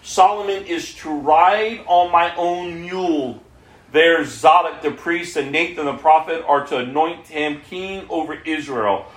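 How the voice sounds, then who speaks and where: A man's voice: a little high, unhurried, fairly bright tone. A man reading aloud the lines of an aged, commanding king in a plain, earnest voice, in an echoey room.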